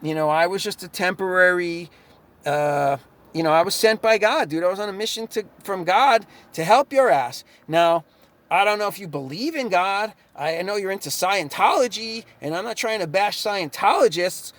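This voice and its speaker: A young man delivers a swearing, sarcastic monologue to the camera. His voice sits somewhat high for a man, and he breaks into short laughs as he vents. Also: lively intonation, normal speed, fairly bright tone. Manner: profane, sarcastic, laughs between lines. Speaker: chiropractor. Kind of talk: ranting vlog monologue.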